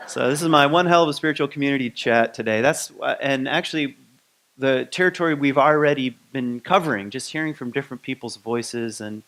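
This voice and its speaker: A man from Michigan giving a conversational sermon to his spiritual community, relaxed and rambling with many ums and restarts. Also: mid-range voice, a little fast. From Grand Rapids, Michigan.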